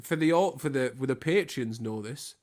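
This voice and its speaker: A man's voice: mid-range voice, animated, darkish tone. A man co-hosting a podcast over a remote call, bantering and ranting with plenty of swearing. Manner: sweary, ranting, quick to mock. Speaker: podcast co-host. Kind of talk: casual banter.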